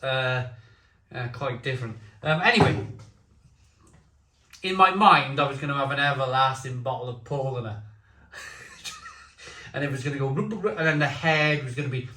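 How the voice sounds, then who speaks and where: A man's voice: medium pitch, bright, forceful tone. A man reviewing beers in a casual, rambling chat to camera, stumbling over restarts. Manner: chatty and rambling, with stammered restarts. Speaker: beer reviewer. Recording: echoey room.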